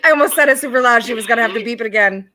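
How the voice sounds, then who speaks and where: A woman's voice: fairly high pitch, very fast, bright, forceful tone. A woman hosting a casual live chat stream, laughing easily and passing on viewer requests. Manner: giggly, reads out viewer requests. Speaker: host.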